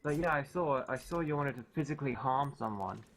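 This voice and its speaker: A man's voice: medium pitch, brisk, fairly bright tone, poor audio. A man on a group voice chat in a casual, rambling rant, annoyed, swearing and full of fillers. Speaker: gamer ranting on a group voice chat.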